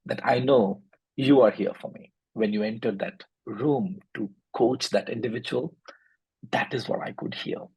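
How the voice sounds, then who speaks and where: A man hosting a podcast, asking earnest interview questions in a slow, deliberate way with a gravelly, raspy voice. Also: medium pitch, a little mellow, poor audio. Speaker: podcast host.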